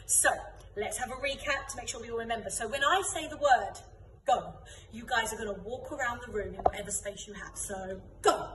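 A young woman with a fairly high voice leads a children's dance class, calling out game commands with upbeat energy. She is recorded by a camera some distance away in an echoey studio room, with faint ambient noise behind her. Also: a little fast. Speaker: drama and dance teacher. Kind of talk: leading an online children's class.

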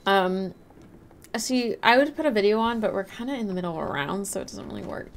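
A woman's voice: medium pitch, lively intonation, brisk, creaky. Chatty woman streamer, rambling casually. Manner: chatty, rambling, reads out and answers chat. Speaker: livestreamer.

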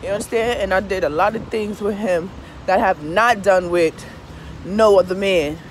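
A woman's voice: medium pitch, moderate pace. A woman pours out a casual, confessional monologue full of swearing and emphatic repeats. She keeps turning to the listener for agreement. A faint hum of traffic hangs in the background of the outdoor recording. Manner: profane, emphatic, keeps asking "you understand?". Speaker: tarot reader and vlogger.

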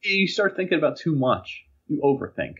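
On a dull, lo-fi recording, a young podcast co-host with a higher, husky voice chats casually at a normal pace. He tells stories with animation, voicing the quoted characters himself.

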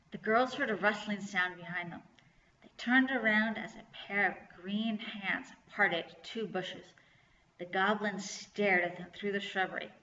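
Woman librarian, children's read-aloud, bright and clear; echoey room. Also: mid-range voice. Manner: clear, lively storytelling. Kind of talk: children's story reading. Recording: echoey room, slightly dull sound.

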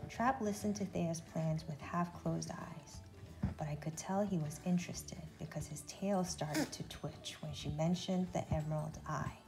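Lady reading a kids book out loud, lively and expressive, some vocal fry, faint music behind. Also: low-pitched, measured pace. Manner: expressive, lively read-aloud narration. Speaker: storybook reader. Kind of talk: reading a children's book aloud.

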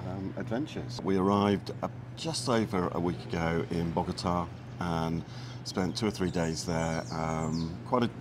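A man's voice: sits low, measured pace. A man chatting in a travel vlog, enthusiastic but hesitant, full of ums and repeated words. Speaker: travel vlogger. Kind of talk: casual travel vlog chat. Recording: background noise.

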